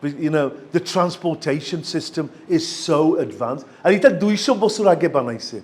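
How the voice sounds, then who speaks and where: A man from Sylhet with a Sylheti accent, a university lecturer giving a lively, chatty workshop talk to students and often checking they follow. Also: a little high, very fast. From Bangladesh, Sylhet region. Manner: chatty and enthusiastic, asks for agreement often.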